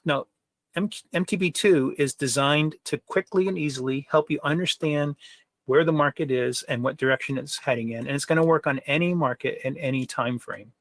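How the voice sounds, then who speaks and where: A man presenting trading software in a conversational webinar, with frequent fillers and rhetorical questions. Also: on the high side, normal speed, no echo.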